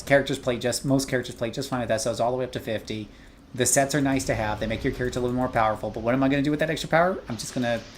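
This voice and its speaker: A man's voice: mid-range voice, a little hiss or hum. A man hosting his own gaming livestream, joking easily and thinking aloud while he plays. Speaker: streamer host. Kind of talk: casual gaming livestream commentary.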